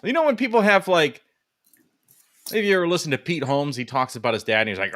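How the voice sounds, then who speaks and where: A man from West Virginia co-hosting a podcast, telling stories in animated casual chat, full of fillers and laughs. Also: mid-range voice, fast. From West Virginia, USA. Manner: animated storytelling, laughs often, lots of "like" fillers. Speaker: podcast co-host.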